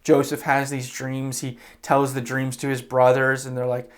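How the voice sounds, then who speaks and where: A man's voice: mid-range voice, steady tone, normal speed, few pauses. A man preaching a sermon as pastor, retelling scripture in a casual, conversational way and briefly acting out the characters' lines. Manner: casual storytelling, acts out quoted characters; conversational with fillers like "you know" and "like".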